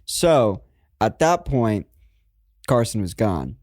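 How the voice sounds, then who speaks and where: A man who is a guest on a podcast, telling a story in relaxed casual chat, self-mocking and quick to giggle. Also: fairly low pitch, no echo, clean studio sound.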